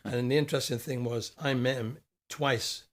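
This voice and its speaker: A man's voice: medium pitch, fairly even intonation, normal speed. An older man from Scotland, a former footballer, recalling stories in an easygoing, chatty way as a podcast guest. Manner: easygoing, anecdotal recollection. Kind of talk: casual interview chat.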